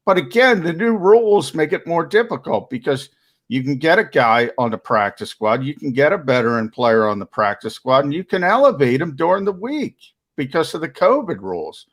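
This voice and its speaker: Opinionated man talking football. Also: medium pitch. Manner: opinionated, restarts often. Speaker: sports analyst. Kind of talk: casual sports talk.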